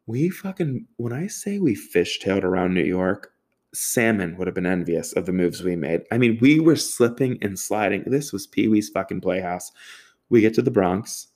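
A man's voice: deep voice, lively intonation, normal speed, a little mellow. A young man telling a comic story in a casual, profane and sarcastic way.

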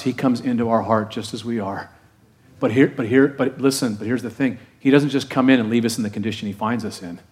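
A male pastor preaching a conversational, animated sermon, often asking the congregation questions. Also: mid-range voice.

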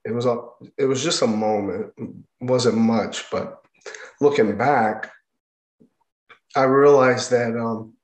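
A man giving a personal testimony about his hard childhood, speaking haltingly, with frequent restarts and pauses. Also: medium pitch, steady tone. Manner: halting, with many restarts and fillers. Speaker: speaker sharing his life story. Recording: roomy echo.

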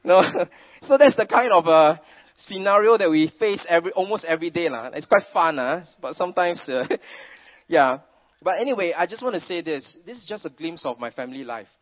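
A man's voice: fairly high pitch, expressive, brisk. Singaporean man preaching on a tinny line. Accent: Singaporean English. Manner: chatty storytelling sprinkled with Singlish particles. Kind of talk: sermon with family anecdotes. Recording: tinny phone-like sound.

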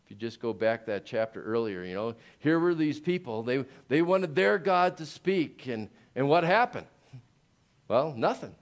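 A male pastor preaching a sermon, dropping to slow hushed lines and building to loud rising peaks. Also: medium pitch, very animated. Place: church.

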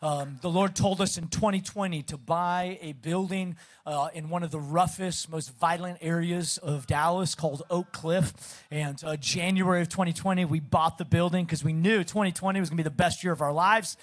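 A middle-aged man with a slight Southern accent, a guest pastor opening a sermon in an energetic, chatty way with self-deprecating humor. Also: a little high, normal speed. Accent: Southern American, Texas. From Pacific Northwest of the US. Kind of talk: sermon introduction.

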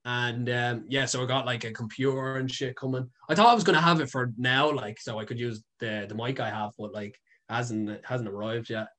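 A man's voice: medium pitch, steady tone, brisk, few pauses, fairly bright tone. A young Irish man chatting as a guest, telling stories in a rambling way full of fillers and swearing. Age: young adult. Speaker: guest, content creator. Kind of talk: casual storytelling.

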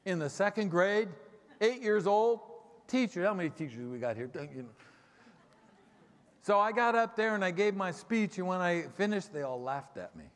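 A man preaching a sermon as a pastor, telling the story with lively acted-out voices and checking in with the congregation. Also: high-pitched, moderate pace. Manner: animated storytelling, acts out quoted voices, checks in with "okay?". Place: church sanctuary. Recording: long hall reverb.

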